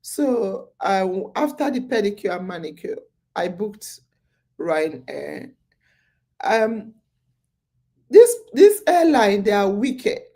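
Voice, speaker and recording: Woman host, drowsy and chatty, unhurried, dark-toned voice, loops back over her words. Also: medium pitch, very animated. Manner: chatty storytelling, repeats phrases, many fillers. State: sleepy, yawning. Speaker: podcast host. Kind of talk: casual live-stream chat.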